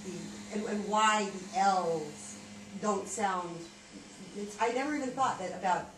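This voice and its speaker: A woman giving casual spoken feedback at a club meeting, halting and restarting her sentences. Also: mid-range voice. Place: meeting room. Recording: echoey room, distant mic, noisy with crowd.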